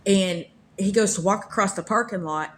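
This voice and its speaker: A woman's voice: medium pitch, normal speed, slight background noise. A woman, earnestly telling a personal faith story in a rambling way, repeating her phrases. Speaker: vlogger sharing a faith testimony.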